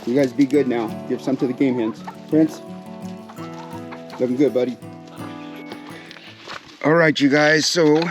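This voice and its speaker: With a medium-pitched, slightly mellow voice, a man who breeds pheasants hosts a relaxed outdoor vlog at his pheasantry. He wanders as he talks, folksy and full of fillers, often turning to viewers with "you guys" and murmuring sweetly to his birds.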